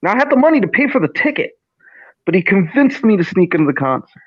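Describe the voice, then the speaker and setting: A man telling a funny personal story in a casual, animated way as co-host. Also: fast talker, breathy edge. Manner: animated, swings pitch up for quoted lines. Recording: dull lo-fi audio.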